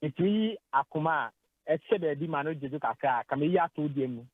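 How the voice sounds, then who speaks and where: A man's voice: fairly high pitch, animated, fast talker, no room sound, phone-quality sound. A man with a Ghanaian accent talking sports on the radio, getting emotional, hesitating and repeating words as he switches between Twi and English. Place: radio studio.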